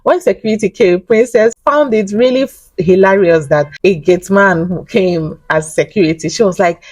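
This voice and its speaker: A woman's voice: mid-range voice, moderate pace, hardly any pauses, darkish tone, dry recording. A woman giving a chatty reality TV recap, full of laughs and asides. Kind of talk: casual gossip recap.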